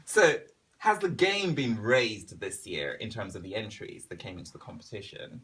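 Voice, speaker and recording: Male host, animated pitch, bright and forceful tone, teasing and eager. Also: moderate pace. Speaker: host, interviewer. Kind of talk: casual interview.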